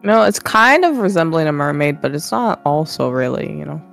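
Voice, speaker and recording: A woman artist chatting casually on a stream, relaxed, laughing easily and trailing off mid-sentence. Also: deep voice, fairly quick, gravelly, faint music behind. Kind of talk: casual chat.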